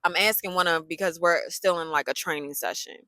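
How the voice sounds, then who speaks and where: A woman, telling a story in a casual vlog, sassy and animated. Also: on the low side, fairly quick, no echo, low-quality recording. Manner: animated, sassy, loose colloquial talk.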